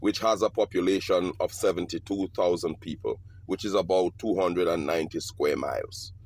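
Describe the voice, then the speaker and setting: A man from Dominica addressing viewers in a measured, polite way. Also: deep voice, creaky, a little mellow.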